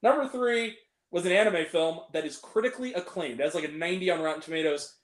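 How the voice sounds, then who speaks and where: A man's voice: high-pitched, fast talker, reverberant. A young man hosting a casual film review chat, ranting and swearing freely as he picks apart the movies he hated. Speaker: host.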